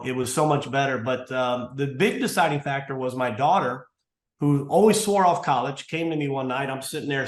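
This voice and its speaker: Man, 60s, interview guest, rambling storyteller with restarts, echoey room. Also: mid-range voice. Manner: rambling, restarts often, acts out dialogue. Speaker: martial arts school owner, guest. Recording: roomy echo.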